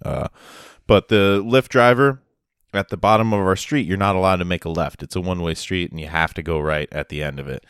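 A man's voice: low-pitched, fairly even intonation, a little fast, a bit bright, smooth, no echo, clean studio sound. A man telling rambling, sarcastic stories in a casual chat with a friend. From Massachusetts.

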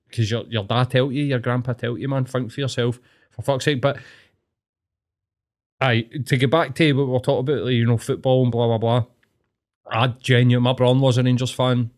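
A man's voice: mid-range voice, fairly even intonation, fairly quick. Scottish man, young adult, podcast host, blunt, opinionated, sweary casual chat.

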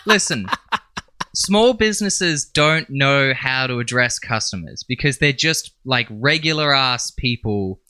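A man's voice: medium pitch, expressive, unhurried, sharp tone, clear, resonant tone, no echo. A man co-hosting a casual podcast, telling a rambling, sarcastic story full of swearing. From Western Australia. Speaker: podcast co-host. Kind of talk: casual chat.

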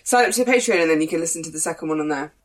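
Chatty woman podcast host with lively intonation. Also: deep voice, very fast. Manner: bubbly, swears freely, jokey asides. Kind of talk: casual chat.

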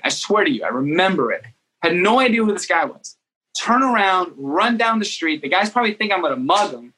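A man in his thirties tells his story as an interview guest. His voice is bright and forceful and sits a little high. He talks fast and excitably, jumping up in pitch as the story builds. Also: poor audio.

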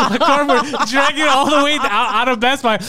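A man from co-hosting a podcast, telling an animated, profane story and acting out both sides of the argument. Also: very high voice, moderate pace. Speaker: podcast co-host. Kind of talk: casual storytelling chat.

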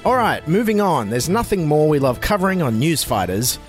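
A man's voice: on the high side, sing-song, normal speed, over loud music. An Australian man hosting a satirical news show, delivering sarcastic, mock-outraged commentary.

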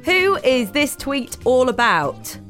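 A woman's voice: sits high, sing-song, takes it slowly, fairly bright tone, faint music behind. A British woman co-hosting a casual podcast, bubbly and laughing often. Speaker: podcast co-host.

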